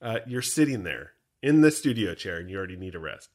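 This man co-hosts a podcast, talking fast with few pauses in a voice on the low side. The chat is casual and animated, full of jokes and self-mockery.

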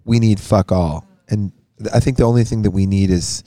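A man's voice: lowish voice, brisk, mellow, dry recording. Rambling man, dry close mic. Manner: rambling, many "like" fillers. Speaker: band member guest. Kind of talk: casual chat.

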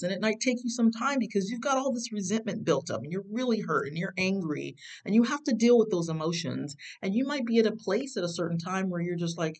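A self-help speaker in an easy, rambling way, full of fillers and false starts, with a voice of middling pitch. Questions jump sharply upward in pitch. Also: animated, a little fast, few pauses, rough recording. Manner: rambling and conversational, with many fillers and restarts; sudden jumps in pitch on questions. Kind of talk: casual advice talk.

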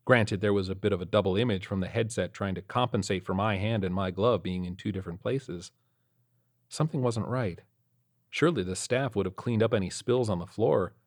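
A man's voice: fairly low pitch, fairly quick. Man narrating a tense horror story. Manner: tense, building suspense.

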